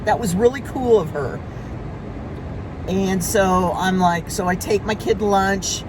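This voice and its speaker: A woman vlogger telling a story about her day in an animated, exasperated way. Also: medium pitch, measured pace. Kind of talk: storytime monologue. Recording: steady traffic noise behind.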